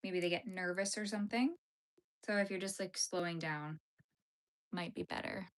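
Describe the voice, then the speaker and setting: Answering viewer comments on her knitting livestream, this Yellowknife woman talks at a normal speed with a fairly low, steady voice. She's chatty and casual, laughs easily, and leans on "like" a lot.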